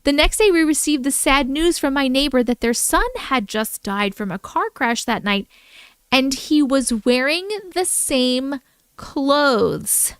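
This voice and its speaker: A woman livestreaming reads viewers' stories aloud and chats with them, breaking in with startled reactions. Her high voice is a bit bright, with lively intonation and a measured pace, in a dry recording.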